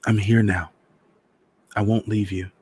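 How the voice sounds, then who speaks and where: A man voicing a desperate young wife who pleads softly with her dying husband, in a storybook reading. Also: lowish voice, level tone, unhurried, breathy edge. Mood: pleading.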